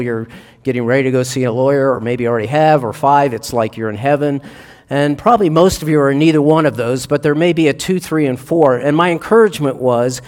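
A man's voice: medium pitch, a little mellow. Pastor guy giving a chatty sermon, joking a bit, church echo all around.

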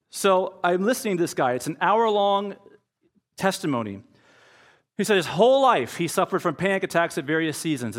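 A pastor preaching a conversational sermon, telling a personal story and acting out his own inner dialogue. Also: on the high side.

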